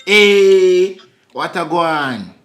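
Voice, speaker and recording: A young man putting on a fake Jamaican patois accent to tease strangers on a phone video chat, with slow, loud, slangy teasing. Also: high-pitched, lively intonation, music in the background, full character voice. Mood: playful. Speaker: prankster vlogger. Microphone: phone on video call.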